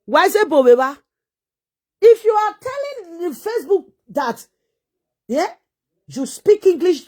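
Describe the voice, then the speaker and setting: High-voiced Nigerian woman scolding. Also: a little mellow. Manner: scolding, mocking, rhetorical questions. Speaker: vlogger. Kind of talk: ranting live-stream commentary.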